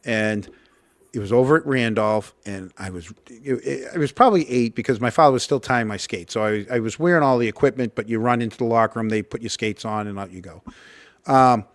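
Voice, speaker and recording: A male podcast host in loose, casual chat, spinning rambling stories and breaking into laughter as he goes. His voice sits at a middling pitch and sounds close and dry, with little room around it. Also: a little fast, dry recording. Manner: rambling storyteller, laughs often.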